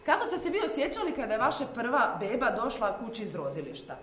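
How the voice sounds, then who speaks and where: Fast-talking woman interpreter, echoey room. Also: on the high side, huge pitch swings, fairly bright tone, distant mic, slight background noise. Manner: quick, fluent interpreting. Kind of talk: consecutive interpreting. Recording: echoey room with faint ambience.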